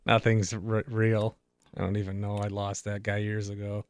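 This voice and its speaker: A podcast host from Wisconsin keeps the chat casual, wisecracking, poking fun at himself and tossing in quick asides. His voice is low and monotone with a clean tone and no room sound.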